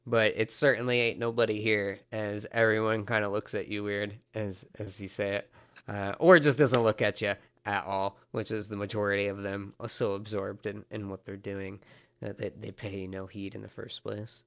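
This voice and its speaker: Low-voiced man running a tabletop game. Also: moderate pace, clean tone, muffled recording. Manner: relaxed, rambling narration with restarts. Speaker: game master.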